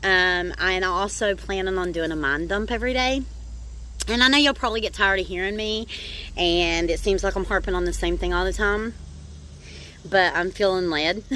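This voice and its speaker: A woman's voice: fairly low pitch, a bit bright, slight background noise. A middle-aged woman talking in a casual personal video diary, rambling and chatty with lots of "like" and "um" and calling her viewers "y'all". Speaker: vlogger.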